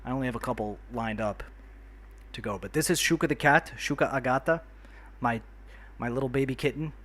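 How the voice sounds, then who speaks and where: A man's voice: medium pitch, fairly quick, fairly bright tone. Chatty man hosting a livestream. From New York. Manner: chatty, friendly, greets and thanks viewers by name. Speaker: livestream host. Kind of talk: casual livestream chat while playing a city builder.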